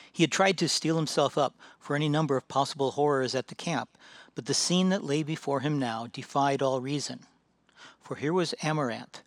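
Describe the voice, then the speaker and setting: A man's voice: mid-range voice, no echo. Man narrating a fantasy story. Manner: measured, dramatic storytelling.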